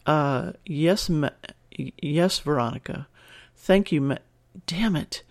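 A man's voice: on the high side, slow, creaky, no room sound. A man doing a meek obedient young man. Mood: flustered. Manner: short, meek replies.

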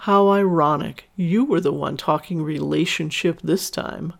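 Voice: mid-range voice, a little slow, creaky. A storyteller voicing a vengeful young woman with a mocking, sing-song manner.

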